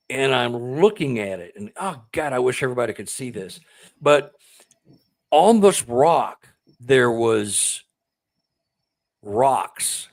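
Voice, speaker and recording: Emotional man telling a personal story. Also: mid-range voice. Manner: emotional, excitable, repeats words when moved. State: close to tears. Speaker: author and guest. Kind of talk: conversational storytelling.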